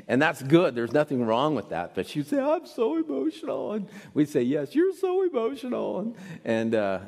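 A middle-aged man, a pastor, preaching a sermon in a casual, rambling way with many restarts. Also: mid-range voice. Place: church sanctuary. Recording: long hall reverb.

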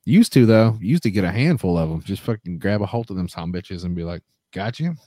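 A man in casual chat who cracks crude, deadpan jokes. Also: low voice, a little fast, no room sound, studio quality. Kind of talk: casual banter.

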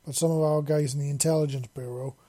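A man reading as a gruff foul-mouthed paladin. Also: fairly high pitch, fairly even intonation, fast talker, natural voice. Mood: grim. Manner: swearing, forceful briefing.

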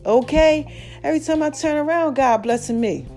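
Female podcast host, high pitch, hoarse and worn out, preachy, animated delivery. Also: normal speed, faint music behind. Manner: preachy, animated, calls listeners baby and child. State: voice cracking, tired. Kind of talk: casual motivational talk.

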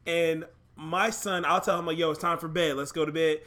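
A man co-hosting a casual dad podcast, telling stories in a quick, expressive way. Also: on the high side. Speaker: podcast co-host.

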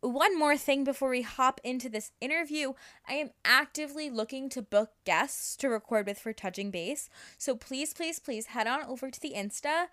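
A woman's voice: high voice, moderate pace, a bit bright. A young woman hosting a podcast, talking in a bubbly, casual way with lots of "like". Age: young adult. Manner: bubbly, fillers like "like". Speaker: podcast host.

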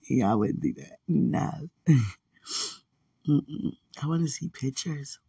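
A man with a gravelly, husky voice rambles through a casual podcast monologue, full of fillers and easy laughter. He sits a little back from the mic in a dry, dead room. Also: fairly high pitch, sing-song, slow pace, warm tone, no room sound, recorded from a distance. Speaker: podcast host.

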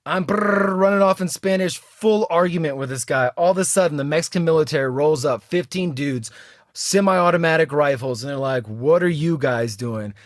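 A young man co-hosting a travel podcast, spinning a rowdy story with a lot of laughter. His voice sits a bit high, and the sound is close and dry with no room around it. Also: a little fast, no room sound. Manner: laughs often while telling a story. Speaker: podcast co-host.

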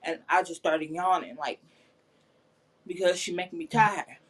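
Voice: medium pitch, steady tone, measured pace, fairly bright tone. A co-host in a casual podcast chat, talking laid-back, dry and blunt.

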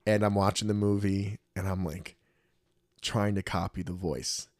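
A man's voice: low voice, unhurried, dry recording, clean studio sound. A middle-aged man chatting casually as a podcast host, telling stories and acting out the voices of people in them. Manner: animated storyteller, acts out voices. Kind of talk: casual chat.

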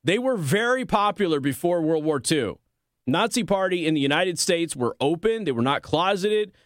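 A man's voice: a little high, animated, normal speed, no echo, clean studio sound. Sarcastic male political commentary host. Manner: sarcastic, combative asides between read passages. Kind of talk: reading news articles aloud with commentary.

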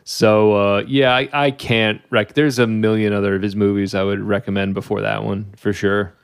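A man co-hosting a podcast in casual chat, laid-back and quick to laugh, with halting restarts. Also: fairly low pitch, level tone, vocal fry, smooth. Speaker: podcast co-host.

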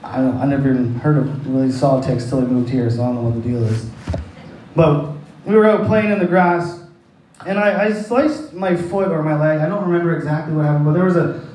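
Folksy high-voiced man preaching in echoey hall. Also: a little mellow. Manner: rambling, folksy, laughs at own jokes. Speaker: pastor. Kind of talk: sermon with a personal story. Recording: echoey hall, distant mic.

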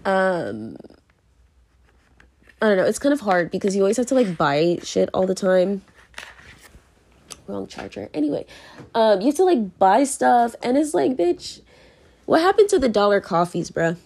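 A woman's voice: mid-range voice, big pitch swings, unhurried, creaky, pauses often, a little mellow. A young adult woman hosting a casual podcast monologue, rambling and filler-heavy, laughing often while moving around indoors. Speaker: podcast host.

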